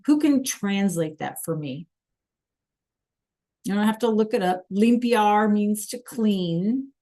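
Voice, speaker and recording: A woman's voice: medium pitch, animated, a little slow, a little mellow. A woman teaching a live online Spanish class, patiently coaxing students and repeating verb endings.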